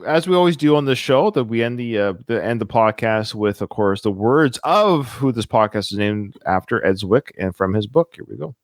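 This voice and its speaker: A man hosts a casual film podcast in an enthusiastic, chatty way, often rattling off strings of titles. His voice sits somewhat low, and the sound is dry and close. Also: lively intonation, moderate pace, few pauses, no echo. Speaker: podcast host.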